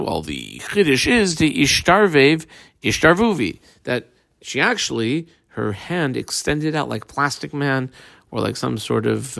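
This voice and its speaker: Male Talmud teacher, gravelly voice, dry close sound, casual and halting delivery. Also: mid-range voice, fairly bright tone, dry recording. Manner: casual, halting, many fillers. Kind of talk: daf yomi Talmud lesson, translating Aramaic aloud.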